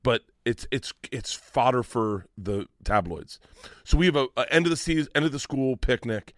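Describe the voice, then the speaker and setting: A man in his forties telling stories on a podcast, animated and profane, laughing as he talks. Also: medium pitch, moderate pace, no room sound, clean studio sound. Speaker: guest storyteller. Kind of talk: casual podcast storytelling.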